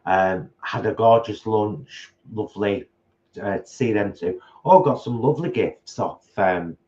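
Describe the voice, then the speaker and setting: A man's voice: fairly low pitch, measured pace, a little mellow, highs cut off. A man, co-hosting a casual live stream from home and rambling chattily through his day. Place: home, at a table.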